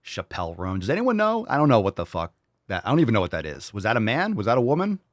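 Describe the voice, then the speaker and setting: Low voiced guy on a stream swearing and mocking stuff, reading chat, dry close mic. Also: sing-song, fast talker, no echo. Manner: profane, mocking rant. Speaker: host. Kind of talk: livestream commentary, reading chat.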